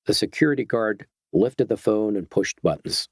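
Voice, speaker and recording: A man narrating an audiobook of a novel in a steady, dramatic reading. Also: fairly low pitch, moderate pace, dry recording.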